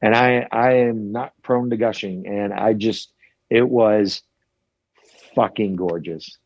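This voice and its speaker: A man's voice: on the low side, steady tone, slow pace, dry recording, highs cut off. A man chatting casually about a trip, rambling and swearing with many restarts. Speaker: traveler recounting a trip. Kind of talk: casual chat.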